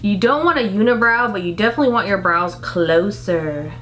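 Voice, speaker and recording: A young woman vlogging a makeup tutorial in a casual, chatty and self-mocking way, full of quick asides. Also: medium pitch, animated, fairly bright tone, soft background music.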